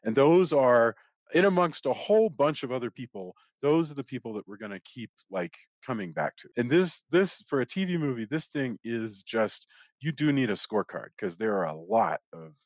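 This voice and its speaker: A man's voice: medium pitch, lively intonation, normal speed, dry recording, studio quality. A middle-aged man hosting a podcast, talking through a film in a rambling way, often restarting and repeating words. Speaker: podcast host. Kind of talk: casual film discussion.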